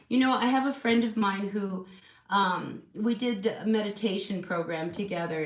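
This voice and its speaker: A woman hosting a casual live tarot reading at home, chatty and encouraging, with lots of "you know" fillers. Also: medium pitch. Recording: echoey room with steady noise.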